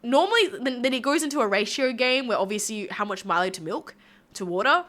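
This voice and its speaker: Bubbly, bright-voiced Australian woman. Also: fairly high pitch, lively intonation, fairly quick. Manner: bubbly, rambling, giggly. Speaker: livestreamer. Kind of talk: casual stream chat reading viewer comments.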